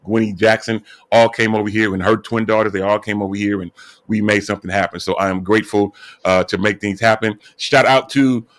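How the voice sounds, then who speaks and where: A man with a fairly low voice hosts a casual online radio talk show. He is chatty and upbeat, greeting guests and giving shout-outs. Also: fairly even intonation, a little fast. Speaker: host.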